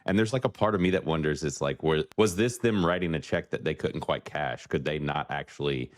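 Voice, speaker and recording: A man's voice: rumbling low, brisk, dry recording, clean studio sound. A man joining a podcast as a guest, wondering aloud in a hesitant casual chat.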